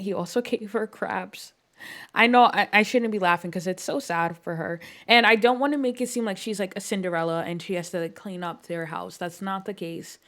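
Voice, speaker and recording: A woman giving casual, rambling commentary on a life-sim playthrough, with lots of fillers and playfully exasperated asides to her characters. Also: on the low side. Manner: chatty, rambling, filler-heavy with frequent "um" and "like". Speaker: game streamer narrating a life-sim playthrough.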